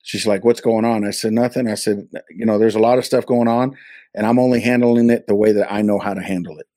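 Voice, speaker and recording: A man from California with a somewhat low voice gives a personal testimony in a casual interview. He tells it earnestly and acts out the back-and-forth of the conversations he recalls, heard over a video call. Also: fairly even intonation, fast, dark tone, dry recording, studio quality. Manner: earnest storytelling that acts out quoted dialogue. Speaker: interview guest.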